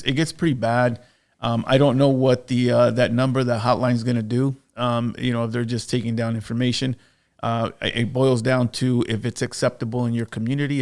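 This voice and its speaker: Flat-voiced man musing on a podcast. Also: mid-range voice. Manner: steady, reflective, hesitant with fillers. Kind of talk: casual discussion.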